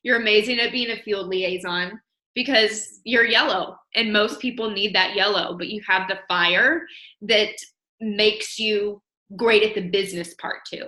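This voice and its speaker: A woman's voice: mid-range voice, fairly even intonation, measured pace, sharp tone. A woman hosting a video call, effusive and gushing with praise in casual chat. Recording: echoey room on a video call.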